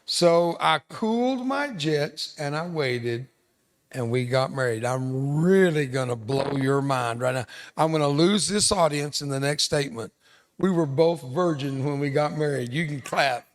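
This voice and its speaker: In a school hall, a man in his seventies addresses students as a veteran guest, telling stories laced with self-deprecating jokes. His voice is slightly high, his intonation lively, and he never hurries.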